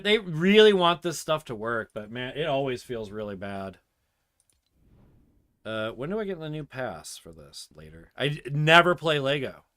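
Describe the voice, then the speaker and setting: A man streaming a video game, chatting casually and muttering to himself between loud outbursts. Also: mid-range voice, dry recording, clean studio sound. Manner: swears and laughs loudly at game moments, mutters otherwise. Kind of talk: casual gameplay commentary.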